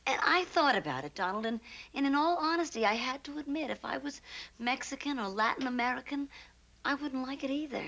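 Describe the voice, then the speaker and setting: An actress playing an earnest, stammering young actress in a 1960s sitcom. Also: female voice, high voice, expressive, brisk, creaky, fairly bright tone, full character voice. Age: young adult.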